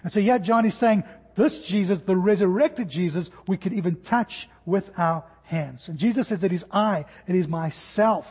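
A man in his forties preaching an expository sermon, animated, acting out the jumps and shouts of his stories. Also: sits high, normal speed, hardly any pauses, breathy edge, long reverb tail. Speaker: pastor.

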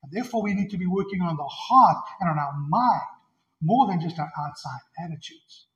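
A man's voice: high-pitched, expressive, fairly quick, fairly bright tone, lo-fi sound. A male pastor preaching an expository sermon in an earnest, emphatic way, often repeating his key phrases.

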